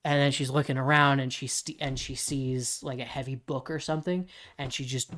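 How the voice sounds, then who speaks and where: A podcast co-host talking casually, rambling and restarting while pitching story ideas. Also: steady tone, fairly quick, a bit bright, a little hiss or hum. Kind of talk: casual brainstorming chat.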